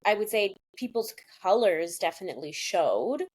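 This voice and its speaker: A woman's voice: mid-range voice, very animated, moderate pace, husky. Chatty woman in her thirties. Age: 30s. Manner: chatty, fills talk with "like", swears casually. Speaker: podcast guest. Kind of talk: casual chat.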